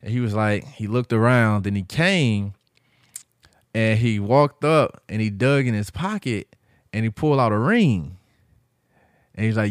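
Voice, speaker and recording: Man, podcast host, lowish voice, casual storytelling, dry close mic. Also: moderate pace, no room sound. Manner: animated retelling, acts out quoted voices.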